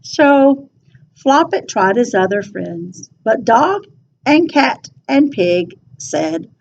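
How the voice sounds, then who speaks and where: A woman reading a rhyming children's picture book aloud in an expressive, sing-song storytelling voice. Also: a little high, slow pace, muffled recording, slight background noise.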